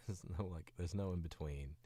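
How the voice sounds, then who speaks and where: A man's voice: low voice, normal speed, warm tone, husky, no room sound. A tired, sick man chatting casually on a stream, rambling in a laid-back way with the odd swear, close to his mic. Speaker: voice actor streaming.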